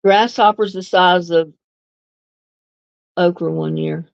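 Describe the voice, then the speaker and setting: A woman's voice: fairly low pitch, steady tone, slow pace, creaky, no echo, dull audio. A woman hosts a casual live stream, chatting easily with viewers and laughing often. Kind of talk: casual live chat answering viewer comments.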